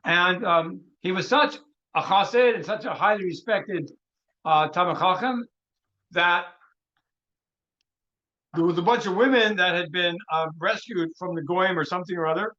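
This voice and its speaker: A man, a rabbi, teaching a Torah workshop through an animated story, often restarting phrases and dropping in Hebrew terms. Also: high voice, moderate pace, long pauses, dull audio.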